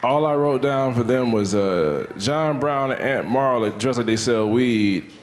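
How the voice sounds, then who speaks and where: A man's voice: mid-range voice, a little slow, crowd noise, background noise. A man emceeing a comedy show in a club, introducing acts with chatty, teasing banter. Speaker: show host.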